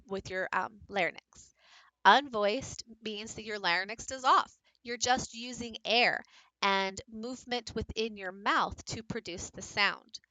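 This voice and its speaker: A woman's voice: medium pitch, bright, forceful tone, no echo, poor audio. A woman presenting a lesson to teachers, explaining speech sounds in a practical, direct way. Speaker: teacher presenting a book study. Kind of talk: recorded lecture presentation.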